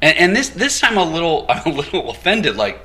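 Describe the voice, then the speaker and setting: Man preaching a lively, animated sermon. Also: on the high side, brisk. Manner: animated storytelling with quoted dialogue and light laughter. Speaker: guest preacher. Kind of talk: storytelling sermon.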